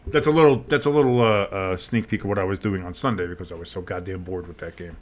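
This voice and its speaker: A man with a deep, bassy voice doing casual, joking play-by-play commentary of a game, swinging from murmured asides to loud outbursts. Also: steady tone, normal speed, a little hiss or hum. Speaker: play-by-play host.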